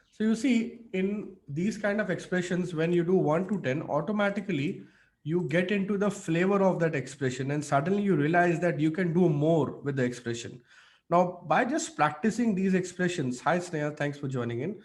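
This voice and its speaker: A male public speaking coach leads an online mentorship session. His voice sits a little high for a man, and he talks with eager, demonstrative energy, peppered with fillers. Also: lively intonation, moderate pace.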